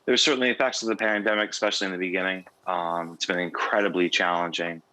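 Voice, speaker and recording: A young American man, an award honoree, answering interview questions in a measured, businesslike way. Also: deep voice, steady tone, sharp tone, no room sound, poor audio. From United States. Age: young adult. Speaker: award honoree, port operations manager.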